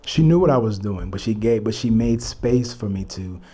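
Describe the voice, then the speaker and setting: A man's voice: fairly low pitch, lively intonation, moderate pace, mellow. A young man from Texas telling a personal story to camera, earnest and reflective, full of "you know" and "like". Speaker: vlogger.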